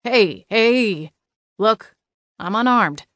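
A woman's voice: fairly low pitch, fairly even intonation, a little slow, no echo, studio quality, close to an everyday voice. A woman reading the lines of an amused young male intruder in an audiobook, teasing and easygoing.

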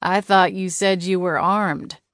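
A woman's voice: on the low side, fairly even intonation, unhurried, fairly bright tone, dry recording, clean studio sound. A woman reading the lines of an amused young male intruder in an audiobook, teasing and easygoing.

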